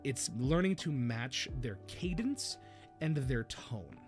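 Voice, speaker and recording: A man hosting a casual chat about voice acting, animated, dropping into character voices and laughing often. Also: medium pitch, slow pace, faint music behind. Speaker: podcast host.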